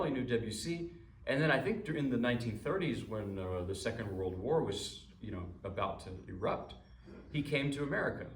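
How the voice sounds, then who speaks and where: A man talking to his audience before he plays a piano piece. He talks chattily and with jokes, restarting his sentences often. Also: medium pitch. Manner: chatty, rambling, jokey, many restarts. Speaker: pianist introducing a piece. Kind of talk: informal recital talk. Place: recital room. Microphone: distant mic. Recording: echoey room from far off.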